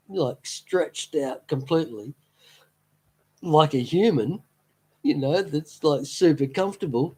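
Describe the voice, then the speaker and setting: Man, slow unhurried talk, rambling, fond, easily amused, live-stream chat. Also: on the high side.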